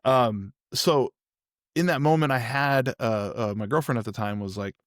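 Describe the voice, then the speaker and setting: A podcast host with a mid-range, fairly bright voice talks at normal speed, recorded in studio quality without echo. He tells a personal story casually and candidly, rambling and restarting often.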